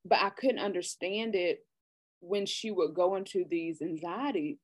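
Woman, middle-aged, podcast host, earnest, restarts, lowish pitch, dry recording. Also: unhurried, no echo. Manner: earnest, restarts often while explaining. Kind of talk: casual conversation.

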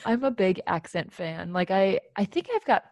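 A woman's voice: mid-range voice, animated, normal speed, darkish tone, dry recording. Woman from California, casual co-host, giggly and talkative, dry close mic. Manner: chatty, laughs often, many fillers. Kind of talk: casual chat.

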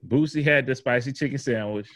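A man's voice: mid-range voice, brisk, a bit bright, no room sound. A man hosting a podcast, telling rambling, profane stories in casual chat. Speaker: podcast host.

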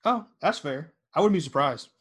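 A man's voice: a little high, lively intonation, moderate pace, slightly rough. A young man hosting a casual podcast, talking in a rambling way with many fillers and restarts. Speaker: podcast host.

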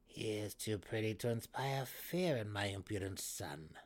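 A man voicing a purring, imperious dark elf matriarch. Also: lowish voice, expressive, a little slow. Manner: coy, purring, commanding. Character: scheming cruel drow matriarch, female, imperious.

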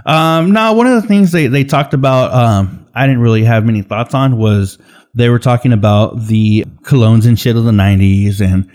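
A man's voice: mid-range voice, moderate pace, darkish tone. Rambling, swearing male podcast host. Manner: rambling, swears freely, mimics others. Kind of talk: casual chat.

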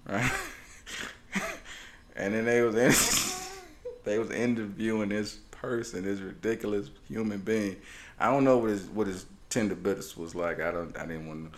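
A man co-hosting a podcast, telling stories in a casual chat, laughing often and mimicking the voices of people he talks about. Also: fairly low pitch. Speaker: podcast co-host.

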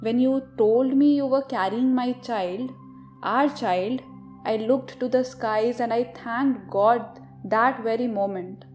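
A woman's voice: fairly high pitch, measured pace, a little mellow, faint music behind, close to an everyday voice. A woman voicing a grieving young man who talks in a somber, pleading way to his former fiancée in an audiobook story.

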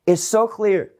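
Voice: mid-range voice, warm tone. A Bible teacher giving a casual, conversational online lesson, with chatty asides to the viewers.

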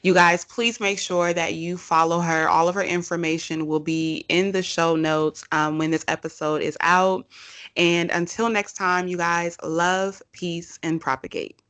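A chatty woman hosting a podcast, talking casually and affirming her guest often. Her voice sits a little low, and the recording is dry and close. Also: fairly even intonation, normal speed, fairly bright tone, no room sound. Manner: chatty, lots of affirming yeses. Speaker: podcast host.

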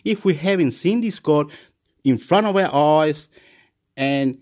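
A man from Chile, rambling in a monologue, swinging between loud excited boasting and quiet muttering and repeating words over and over. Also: on the high side, takes it slowly.

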